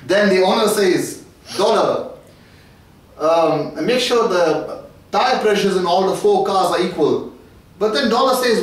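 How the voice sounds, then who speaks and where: A man giving a joking tour of an office and telling a long comic story, laughing at his own punchlines. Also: high voice. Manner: chuckles at his own jokes. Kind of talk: casual comic monologue and joke telling. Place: office suite, indoors. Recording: very echoey room, camera at a distance.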